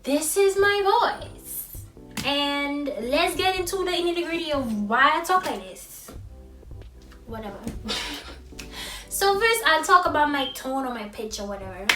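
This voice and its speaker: A young woman vlogger with a childlike high voice, talking in a sassy, expressive way that swings from loud to hushed. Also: measured pace, roomy sound, distant mic, faint music behind. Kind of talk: casual vlog monologue.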